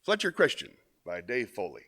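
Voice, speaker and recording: A man hosting a live stream show, chatting casually in a relaxed, rambling way full of "uh" fillers. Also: medium pitch, moderate pace.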